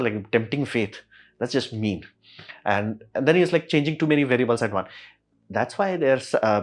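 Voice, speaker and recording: A man at a middle pitch talks through a technical topic in a relaxed, slang-filled way. He is animated and keeps slipping into quick acted-out reactions as he explains. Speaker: YouTube tech explainer. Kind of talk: casual spoken explainer.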